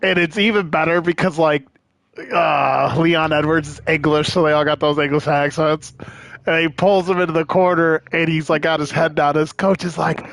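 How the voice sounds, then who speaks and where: A man's voice: on the high side, normal speed, creaky. A man in casual sports chat, telling stories with lots of swearing and acting out other people's lines. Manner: animated storytelling, heavy swearing, acts out quotes loudly.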